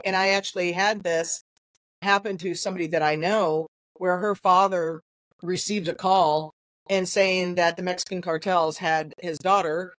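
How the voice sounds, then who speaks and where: A woman's voice: fairly low pitch, no echo, rough recording. Earnest woman investigator, dry close sound. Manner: earnest, with many fillers and restarts. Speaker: investigator and trainer, guest. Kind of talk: conversational interview answer.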